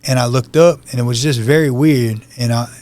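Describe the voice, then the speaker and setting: A man at a middling pitch tells his personal testimony as a podcast guest, earnest and heartfelt. He speaks conversationally, with frequent "you know" asides. His delivery is plain and unhurried. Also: a little mellow, no echo. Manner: emotional, heartfelt retelling.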